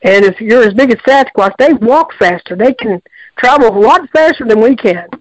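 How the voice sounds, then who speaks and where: A woman's voice: on the high side, lively intonation, moderate pace, no echo, poor audio. A woman, calling in to tell a long story in a rambling, colloquial way with lots of restarts. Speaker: caller. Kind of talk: call-in storytelling.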